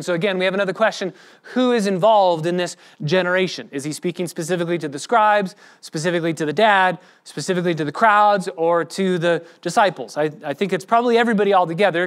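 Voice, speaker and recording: A man preaching a sermon as pastor, acting out the voices of the people he quotes. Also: fairly high pitch. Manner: expressive preaching, acts out quoted speech.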